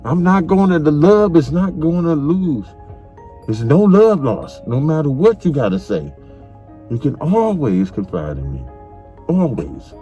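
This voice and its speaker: A man's voice: a little high, very animated, a little slow, dark tone, muffled recording, faint music behind. A middle-aged man, a father, crying as he tenderly tells his son he loves him, repeating himself often. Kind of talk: emotional family conversation.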